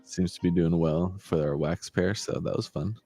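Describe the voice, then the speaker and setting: A man chatting casually as co-host, relaxed and a little hesitant, often trailing off with "like". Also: low-pitched, moderate pace, gravelly, faint music behind. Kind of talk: casual chat.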